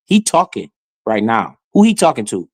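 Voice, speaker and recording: Animated, heckling man with dry sound. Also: medium pitch, normal speed, dry recording. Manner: animated, heckling, swears and laughs often. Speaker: finance streamer. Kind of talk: casual commentary over a played clip.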